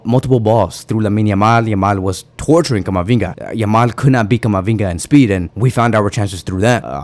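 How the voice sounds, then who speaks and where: Exasperated man ranting, voice a bit rough. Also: on the low side, a little mellow. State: slightly rough voice from screaming. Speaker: football fan commentator. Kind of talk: ranting fan vlog commentary.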